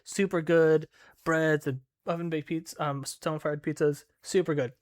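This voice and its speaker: A man's voice: a little high, little pitch movement, normal speed, no echo. A young man streaming a game late at night, telling a rambling, profane story full of fillers. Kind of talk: casual storytelling while gaming.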